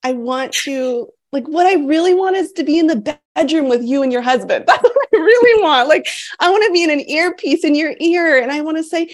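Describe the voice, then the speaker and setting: A woman in her thirties coaches an online group in casual talk, candid and giggly. Her voice sits a little high, and she speaks in a rush of feeling. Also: expressive, a little fast. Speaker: sex coach leading a group program.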